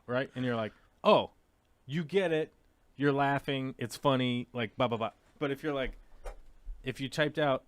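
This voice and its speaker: A man hosting a casual live talk show, rambling and animated with mocking asides. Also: medium pitch, moderate pace, no echo. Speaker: podcast host.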